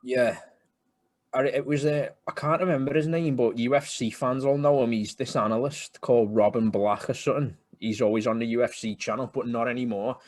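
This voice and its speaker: A man co-hosts a casual sports podcast at a middling pitch. His delivery is laid-back and chatty, and he is quick to laugh. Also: fairly even intonation, a little mellow. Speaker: podcast co-host. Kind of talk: casual banter about football and MMA.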